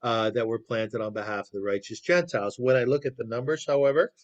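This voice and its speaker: A man teaches by telling stories in a relaxed, conversational way. He keeps putting questions to his listeners. The sound comes through a video call. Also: mid-range voice, quick pace, muffled recording. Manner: conversational, asks the audience questions. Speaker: lecturer. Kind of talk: storytelling lecture.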